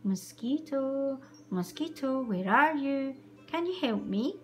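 A woman voicing an angry little female sparrow with shrill, demanding lines. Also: lively intonation, normal speed, a little mellow, a little hiss or hum, close to an everyday voice. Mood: pleading.

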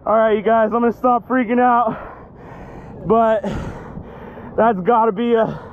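A man vlogging from a beach while surf fishing, talking casually to his viewers and getting excited. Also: very high-pitched, unhurried, narrow, tinny audio. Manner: excitable, exclaiming. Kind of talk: casual vlog narration. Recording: wind noise over the mic.

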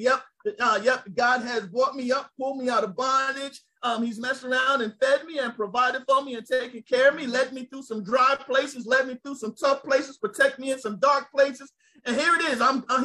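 A man preaching a sermon, lively and conversational, calling out to his listeners. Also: extremely high pitch, rough recording. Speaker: pastor.

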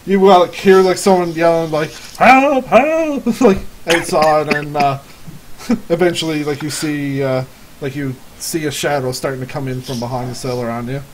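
A man's voice: on the high side, steady tone, normal speed, slight background noise, poor audio. A man narrating a tabletop game as game master, rambling with lots of fillers and frequent laughs. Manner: giggly, rambling with many fillers.

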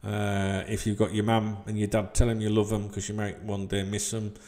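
A man's voice: fairly low pitch, completely flat delivery, normal speed, darkish tone. Sweary man ranting. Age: 40s. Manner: heated, sweary, rambling, keeps asking "you know what I mean". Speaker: football channel host. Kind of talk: ranting vlog to camera. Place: small room with white walls.

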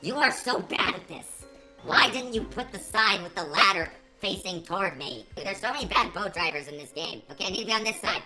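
A woman hosting a let's play, reacting dramatically with panicky yelling and pleading. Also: lowish voice, animated, normal speed, rough recording. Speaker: gaming channel host. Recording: voice over game music.

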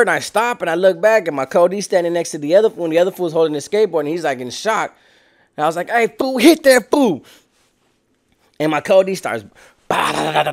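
A young man casually telling a story in an animated, slangy way, acting out sounds and voices. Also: high voice.

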